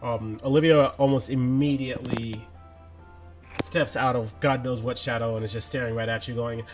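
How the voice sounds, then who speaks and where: A man narrating a tabletop role-playing game as game master, relaxed, with fillers and chuckles. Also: medium pitch, normal speed, over music.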